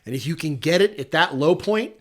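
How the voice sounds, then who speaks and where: A man's voice: on the high side, animated, a little fast. A man speaking as a podcast guest, talking in an earnest, reflective way and laughing often. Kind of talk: casual motivational podcast talk.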